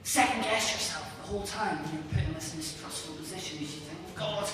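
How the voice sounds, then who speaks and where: A man's voice: a little high, fast, crowd noise. A young man with a Northern Irish accent doing a rambling, sardonic stand-up comedy set in a small venue. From Northern Ireland. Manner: rambling, self-deprecating, sardonic asides. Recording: distant mic, echoey hall, audience laughter.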